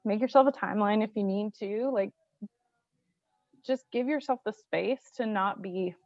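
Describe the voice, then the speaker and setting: A woman's voice: medium pitch, normal speed, darkish tone, dry recording. A woman hosting an interview, talking bluntly and frankly in a casual way. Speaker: host. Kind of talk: candid interview talk. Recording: dry, slightly muffled lo-fi audio.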